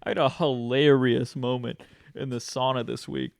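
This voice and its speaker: A man's voice: medium pitch, flat delivery, moderate pace, vocal fry, dry recording, studio quality. A young man hosting a podcast, chatting casually and telling stories with slang, laughing often. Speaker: podcast host. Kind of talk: casual chat.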